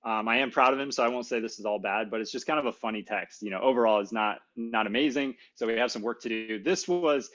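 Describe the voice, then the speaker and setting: A man's voice: medium pitch, fast, hardly any pauses, a bit bright, lo-fi sound. A middle-aged man giving a casual, self-deprecating technical conference talk, with many fillers. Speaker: conference speaker.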